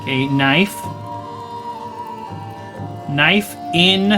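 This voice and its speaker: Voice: mid-range voice, drawn-out words. A gamer giving let's play commentary, thinking aloud and often sounding confused while reading the game's text aloud. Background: game music.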